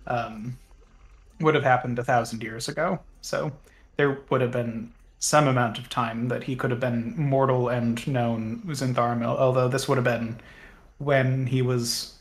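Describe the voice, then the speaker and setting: A man's voice: mid-range voice, fairly even intonation, a little slow. A man, a player in a tabletop game, thinking aloud and reasoning about the story with restarts. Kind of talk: casual tabletop discussion.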